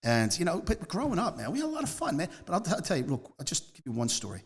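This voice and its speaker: A man's voice: fairly high pitch, wildly swooping pitch, quick pace. Rambling man telling stories. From Northeast Philadelphia. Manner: rambling, emphatic, jumps between stories. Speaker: guest. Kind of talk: casual storytelling interview.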